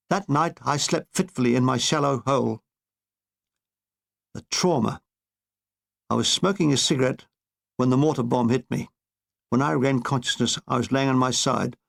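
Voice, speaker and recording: A man's voice: medium pitch, moderate pace, gravelly, pauses often. Wry male audiobook narrator. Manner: dry, wry storytelling. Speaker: author narrating his memoir.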